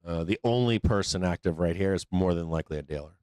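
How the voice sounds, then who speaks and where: A man's voice: low-pitched, fast talker, darkish tone, smooth, dry recording. A man hosting a live stock trading stream, talking loosely and profanely with lots of fillers. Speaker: trading show host. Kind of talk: casual live-stream market commentary.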